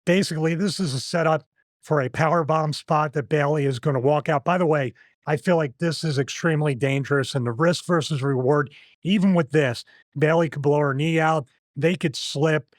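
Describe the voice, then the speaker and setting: A man's voice: on the high side, normal speed, no room sound. Dry, close-miked middle-aged man telling stories. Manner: chatty storyteller who laughs between anecdotes. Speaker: podcast host. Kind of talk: casual podcast chat.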